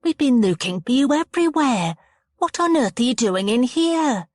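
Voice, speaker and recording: A woman voicing a bossy middle-aged mother running a children's party, brisk and scolding. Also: medium pitch, husky, no room sound, clean studio sound. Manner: brisk, scolding, then stern advice.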